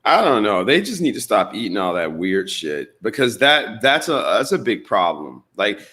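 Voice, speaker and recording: A man's voice: on the low side, very animated, normal speed, bright, forceful tone. A man co-hosting a morning radio show, talking casually and bluntly, with some swearing and easy laughter. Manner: blunt, profane, laughs easily.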